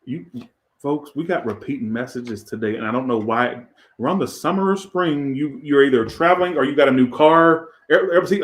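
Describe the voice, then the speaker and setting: Guy rambling thru a tarot reading, swears a lot, kinda echoey room. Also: fairly high pitch. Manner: crude, profane, rambling. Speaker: tarot reader.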